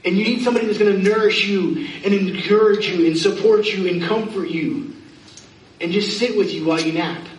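Male pastor, high voice, conversational sermon, echoey church from far off. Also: brisk, slight background noise. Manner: conversational preaching with questions to the congregation. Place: church sanctuary.

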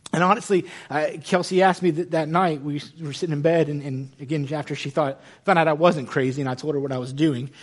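Pastor, man in his 30s, high voice, lively and chatty from the pulpit with jokes at his own expense. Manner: animated, conversational, self-deprecating humor. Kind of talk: sermon.

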